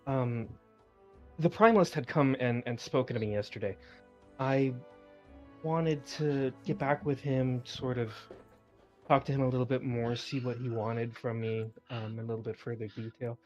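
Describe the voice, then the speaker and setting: A man's voice: medium pitch, steady tone, moderate pace, muffled recording, faint music behind, lightly acted. Loheim, polite hesitant adventurer voiced by a man. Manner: hesitant, apologetic, soft-spoken.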